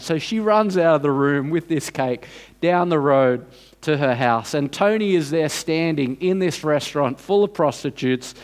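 A man with a fairly high voice delivers a sermon as a story. He tells it in an unhurried, dramatic way and builds to emphatic points. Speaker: preacher.

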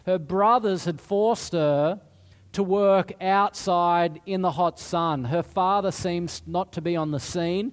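A man's voice: high-pitched, slow pace. A middle-aged man preaching a sermon in a chatty, self-deprecating way, often restarting his sentences. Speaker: pastor.

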